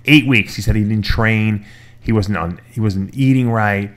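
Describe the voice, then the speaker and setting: Lower-pitched man rambling through a story. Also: a little slow, a bit bright. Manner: rambling, retells stories with quoted voices, many restarts. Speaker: podcast host. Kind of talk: casual storytelling chat.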